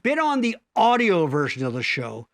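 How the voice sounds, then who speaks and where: A man's voice: high-pitched, wildly swooping pitch, moderate pace, fairly bright tone, no room sound. A man co-hosting a live stream from his basement studio, rambling through crude jokes and mock-pleading bits. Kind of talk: crude comedic banter.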